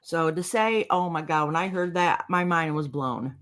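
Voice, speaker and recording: A woman's voice: sits low, normal speed, a bit bright. A woman in a casual chat, talking in a blunt, heated way and swearing.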